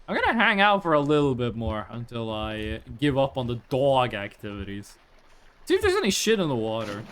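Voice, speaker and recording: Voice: mid-range voice, very animated, a little slow, a bit bright, slight background noise. A streamer from Norway with an American-sounding accent, rambling chattily through casual game commentary with lots of likes. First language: Norwegian.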